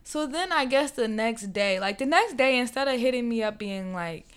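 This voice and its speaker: A woman's voice: fairly high pitch, lively intonation, normal speed, smooth. A young woman telling a dating story in casual chat, talkative and full of fillers. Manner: chatty, storytelling, frequent "like" fillers.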